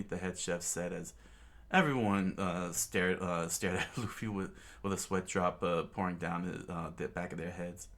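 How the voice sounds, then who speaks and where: A man reading a manga story aloud in a casual, halting way, with frequent fillers and restarts. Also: sits low, steady tone, fairly bright tone. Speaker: reader.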